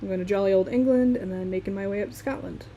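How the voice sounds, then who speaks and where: A woman's voice: mid-range voice, fast talker, warm tone, muffled recording, slight background noise. Chatty Midwestern woman streaming her sketching. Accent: Midwestern American. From Michigan, USA. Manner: chatty, laughs often, talks while working. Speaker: artist streaming live. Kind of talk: casual chat while drawing on a live stream.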